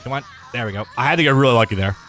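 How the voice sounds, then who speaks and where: A man's voice: medium pitch, rapid-fire, bright, forceful tone. A man hosting a live let's play, chatting casually while he plays, swearing and laughing as he goes. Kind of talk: live gameplay commentary. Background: faint game music.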